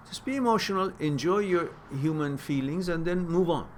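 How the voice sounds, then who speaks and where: A man hosting a question-and-answer stream, giving casual spoken advice that turns animated as he stresses points and repeats words. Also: on the high side, moderate pace, hardly any pauses, slight background noise. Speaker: host answering viewer questions.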